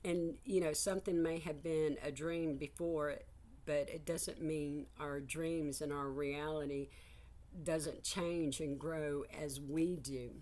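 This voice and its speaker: Older woman, psychic vlogger, deep for a woman, loose and rambling, blunt with the occasional curse. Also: fairly even intonation, slow, darkish tone. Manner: meandering, frank, swears casually. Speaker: psychic reader. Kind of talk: casual spiritual vlog monologue.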